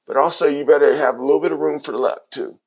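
A man's voice: fairly high pitch, fairly even intonation, fast, creaky, darkish tone, husky. A middle-aged man, a former basketball player, telling his story in an interview, acting out the voices of people he quotes.

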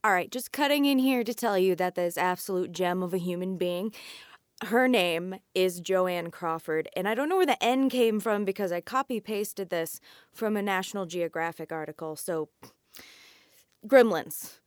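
A woman co-hosting a podcast in casual chat, animated and laughing often, trailing off mid-sentence. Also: fairly low pitch, moderate pace, dry recording, studio quality. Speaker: podcast co-host.

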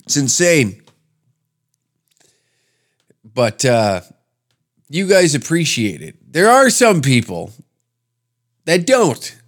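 A man holds forth on his podcast in a loose, profane comic rant. He leans on sarcasm and curses often. His voice rides slightly higher than most men's. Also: very animated, slow pace, pauses often. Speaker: podcast host. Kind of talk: comedic rant.

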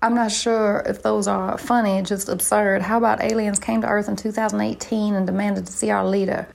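A woman hosting a comedy show, trading deadpan banter and puns. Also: medium pitch, brisk, vocal fry. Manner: deadpan, punning.

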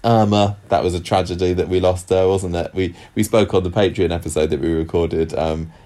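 A man's voice: sits low, fairly even intonation, brisk, mellow. A man co-hosting a podcast, chatting casually about an old TV soap with frequent fillers and restarts. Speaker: podcast co-host. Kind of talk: casual chat.

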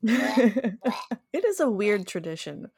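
A woman's voice: mid-range voice, big pitch swings, slow, darkish tone, husky, no room sound, studio quality. A young woman co-hosting a podcast, telling stories in a chatty way and laughing often. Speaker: podcast co-host. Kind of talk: casual chat.

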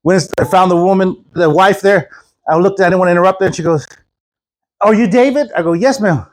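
A brisk, high-voiced man animatedly preaches a sermon through a story, playing out its quoted voices. He laughs often with the congregation as he goes.

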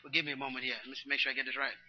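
A man preaching a sermon, teaching his congregation, going from quiet muttered asides to loud, driving declarations. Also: mid-range voice, flat delivery, rapid-fire. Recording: dull long-reverb hall sound.

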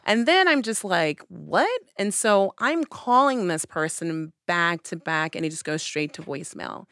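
A woman telling a personal story in casual conversation, acting out her own past lines with lively emphasis. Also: lowish voice, normal speed, no echo, clean studio sound.

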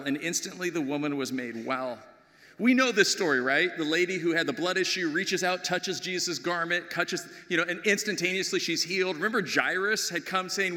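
A middle-aged man preaching a sermon as pastor, with animated storytelling that swings from loud to hushed. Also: on the high side, fairly quick. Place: large church sanctuary. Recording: long hall reverb.

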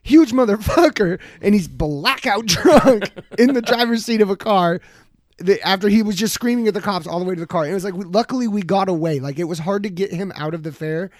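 A man hosts a casual podcast chat, spinning a rowdy story packed with swearing. He acts out what others said as he goes. His voice sits a bit high, and the sound is dry and close. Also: brisk, dry recording. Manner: swearing, animated storyteller acting out quotes. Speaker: podcast host.

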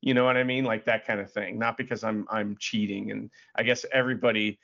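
A man co-hosting a casual wrestling chat, animated, swearing freely and acting out quotes. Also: on the low side, brisk, gravelly. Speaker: podcast co-host. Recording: dull lo-fi audio.

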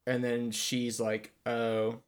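Male podcast co-host, wry casual delivery, mid-pitched everyday voice. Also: completely flat delivery, takes it slowly, smooth. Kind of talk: casual movie-review chat.

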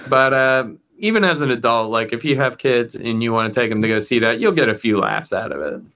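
A young man co-hosting a casual chat, telling stories in an animated way, with swearing and laughter. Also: medium pitch, a little fast. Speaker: podcast co-host.

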